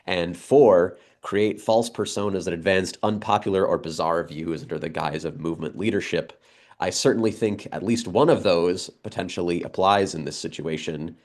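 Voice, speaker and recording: A man on a casual political talk show, speaking in a measured, hesitant way with many pauses. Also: low-pitched.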